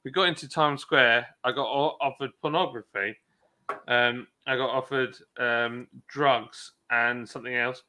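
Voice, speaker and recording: A man's voice: medium pitch, steady tone, measured pace, pushed and bright. A man with a Cockney accent in a casual chat, a chatty storyteller who laughs easily. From England.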